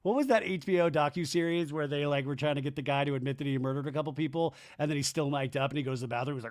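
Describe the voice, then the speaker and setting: A man with a slightly raised voice talks straight into a podcast mic, recapping a reality show episode scene by scene. He jumps in and out of playful impressions of the cast. The talk is casual and animated throughout. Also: a little high. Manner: animated, acts out cast members' lines in quick put-on voices.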